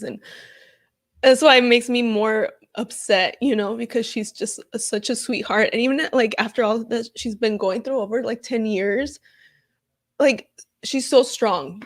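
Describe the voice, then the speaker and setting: A woman reacting on camera in a casual vlog, talking in an upset, heated way with lots of fillers, and reading viewer comments aloud. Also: a little high. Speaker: comedian reacting to news.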